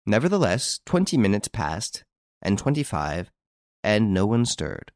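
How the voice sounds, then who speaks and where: A male audiobook narrator reads in a low voice with an animated, expressive style, swinging widely in pitch as he tells the story. He keeps a measured pace, and the recording is dry, with no room sound or echo.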